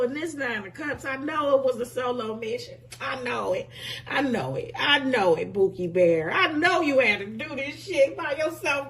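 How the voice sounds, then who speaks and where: A woman's voice: high-pitched, lively intonation, normal speed, far from the mic, slight background noise. A woman giving a casual tarot reading, emphatic and effusive, swearing freely and calling the listener pet names. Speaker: tarot reader.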